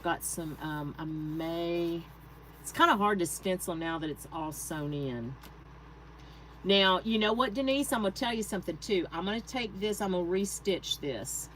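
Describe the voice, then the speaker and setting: A woman's voice: on the low side, expressive, moderate pace, fairly bright tone, a little hiss or hum, low-quality recording. A woman hosting a craft channel, chatting casually with her viewers while she works, laughing often. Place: home craft room.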